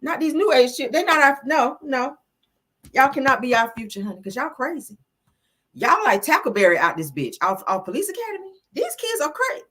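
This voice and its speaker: Woman, gossip commentary host, brash and profane, lively swooping voice, fairly high. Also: a little fast. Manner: brash, profane and animated, calls the audience "child" and "honey".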